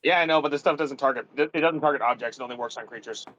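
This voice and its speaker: A man playing in a tabletop game, describing his character's actions in a halting way with restarts. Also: mid-range voice, pushed and bright. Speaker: player. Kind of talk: casual tabletop play. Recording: dull lo-fi mic with faint noise.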